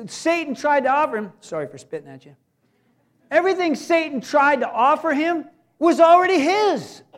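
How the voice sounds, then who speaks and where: Male pastor, very high voice, folksy sermon, shifts from punchy emphasis to near-whispered asides. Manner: swings between emphatic raised delivery and hushed, quiet passages; folksy, joking asides to the congregation.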